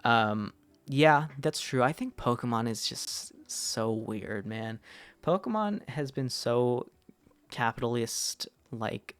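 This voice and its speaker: A man's voice: medium pitch, lively intonation, slow pace, clear, resonant tone, no echo. A man streaming a game, chatting casually in a rambling way, restarting and correcting himself as he answers chat. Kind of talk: casual gaming livestream chat.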